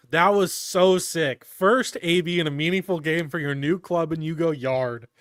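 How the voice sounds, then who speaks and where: A man giving live fan play-by-play of a baseball game, calm between pitches and shouting on big plays. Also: dry recording, studio quality. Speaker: fan commentator.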